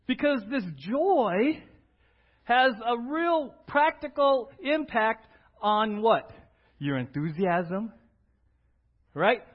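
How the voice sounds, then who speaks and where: Lively man preaching, high husky voice, dull lo-fi sermon recording. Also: a little slow. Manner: animated, conversational preaching with frequent "right?". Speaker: pastor.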